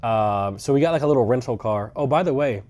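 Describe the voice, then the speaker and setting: A man's voice: mid-range voice, animated, fast talker, darkish tone, slight background noise. A young man live-streaming from a rental car, chatting casually, rambling and swearing, with dry sarcastic asides. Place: inside a rental car on a road trip.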